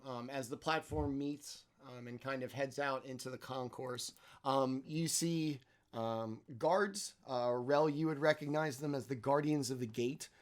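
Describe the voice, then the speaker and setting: A man narrating a tabletop game as game master. He rambles through his descriptions with many fillers and hedges, at a mid pitch. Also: unhurried.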